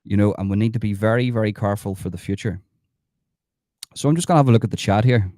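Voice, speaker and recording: A low-pitched Irish man hosts a livestream, talking straight to his viewers in an emphatic, repetitive way. He reads comments out from the chat as he goes. The sound is dry and close, with no room echo. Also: fast, warm tone. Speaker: livestream host.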